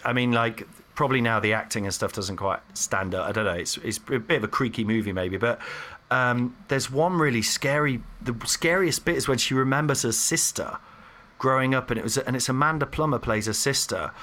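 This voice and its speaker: A man hosting a podcast, with a bright, forward voice. He tells stories in a loose, animated way, full of fillers and restarts. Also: medium pitch, brisk. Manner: animated storytelling, many fillers. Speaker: podcast host. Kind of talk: casual chat.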